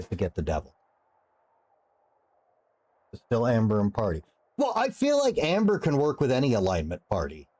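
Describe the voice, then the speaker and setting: A man streaming, telling a long rambling story in casual chat. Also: mid-range voice. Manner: animated, rambling, lots of restarts.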